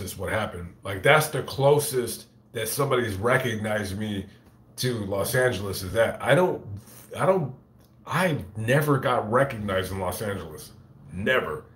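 The speaker is a man whose voice sits on the low side with a bit of brightness, recorded in a roomy space. As a YouTuber telling a casual story to camera and reading chat, he curses freely, drifts around, and repeatedly trips over his words and starts again.

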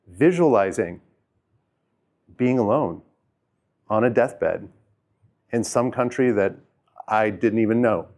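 A man talking casually about his own experiences in a self-help talk, rambling, with fillers and restarts, and dropping quiet on heavy moments. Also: lowish voice. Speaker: host sharing personal experience.

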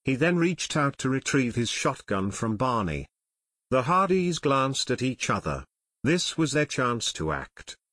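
A male audiobook narrator tells the story in a steady, measured way. His voice sits at mid pitch and is recorded dry and close, with no room sound. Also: no echo. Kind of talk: scripted narration.

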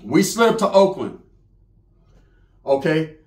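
High-voiced slangy storyteller man. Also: sing-song, takes it slowly, roomy sound. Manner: slangy, profane, acts out voices of people in the story. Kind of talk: crude comedic storytelling.

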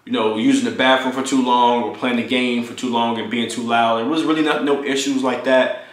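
A young man casually telling a profane, animated story about his college roommate, acting out what people said. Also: echoey room. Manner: animated, profane, acts out quotes in high voices. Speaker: storytime vlogger.

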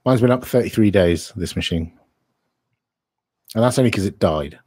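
A man in a casual live-stream chat, relaxed and plain-spoken. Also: on the low side, moderate pace, no echo, studio quality.

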